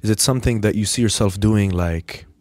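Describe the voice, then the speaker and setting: A man hosts a laid-back interview, prodding his guest with loose questions full of fillers. His voice is fairly low and sits dry and close to the mic. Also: fairly quick, no room sound. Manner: relaxed, prompting questions with fillers. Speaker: podcast host. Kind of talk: casual interview.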